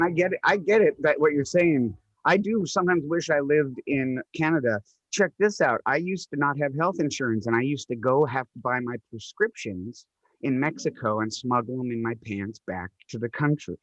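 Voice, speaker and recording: A man's voice: mid-range voice, fairly bright tone, no room sound. A man hosting a comedy open mic over a video call, loose and chatty.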